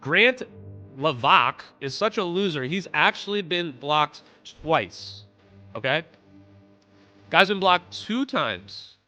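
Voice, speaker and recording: A man's voice: a little high, expressive, slow, pushed and bright, muffled recording. A man hosting a livestream, ranting in a casual, profane, dismissive way and talking straight to his chat. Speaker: livestream host. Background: synthwave music.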